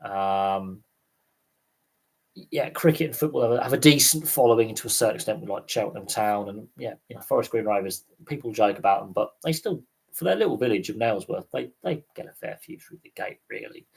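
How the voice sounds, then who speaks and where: A livestream host with a lowish, gravelly, somewhat dark and slightly rough voice talks briskly. After hours of casual streaming his voice is starting to give out, and he rambles with lots of fillers and restarts.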